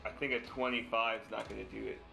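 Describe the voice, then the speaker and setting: A man's voice: lowish voice, level tone, fast talker, vocal fry, over music. A man playing in a live-streamed tabletop game, laying out his character's moves matter-of-factly.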